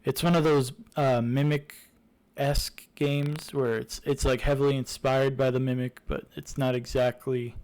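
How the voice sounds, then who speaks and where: A man's voice: mid-range voice, level tone, a little slow, hardly any pauses, darkish tone, low-quality recording. A young man casually reviewing a game series, rambling with many fillers and restarts. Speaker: YouTuber reviewing games.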